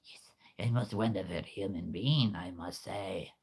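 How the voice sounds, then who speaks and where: A man voicing a flattering, sneaky spider in a raspy, loud whisper as whispered role-play. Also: unhurried, full character voice. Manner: loud whisper, slightly high.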